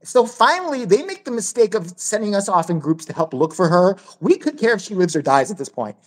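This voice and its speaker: A woman's voice: medium pitch, very animated, a little fast. A woman hosting a podcast, telling a crude, blunt story in casual chat and swearing freely. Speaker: podcast host.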